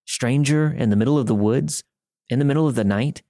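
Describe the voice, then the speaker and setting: A man narrating a first-person horror story in a steady, wry manner, recorded on a studio microphone. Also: medium pitch, a little fast, dry recording.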